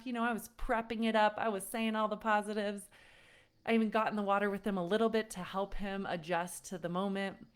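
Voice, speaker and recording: A woman's voice: mid-range voice, fairly quick, clear, resonant tone. A woman parenting coach teaching a live online session, telling a personal story and greeting viewers by name. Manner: warm-up roll call, then storytelling with acted-out quotes.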